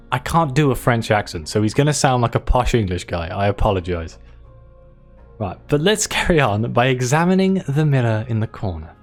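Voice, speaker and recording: Wry, lively-voiced man reading a game. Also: medium pitch. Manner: wry, chatty asides. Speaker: let's play host. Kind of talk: reading an interactive fiction game aloud.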